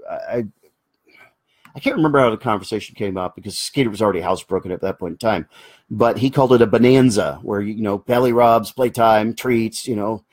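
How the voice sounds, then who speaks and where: A man's voice: medium pitch, no room sound. A man hosting a live Q&A, answering viewer comments in an earnest, explanatory way that often drifts into asides. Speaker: host of a live Q&A show.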